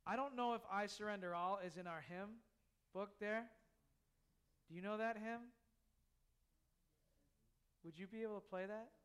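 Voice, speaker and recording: Man, pastor, high voice, smooth and resonant, earnest repetitive sermon. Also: measured pace, pauses often, a bit bright. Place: church.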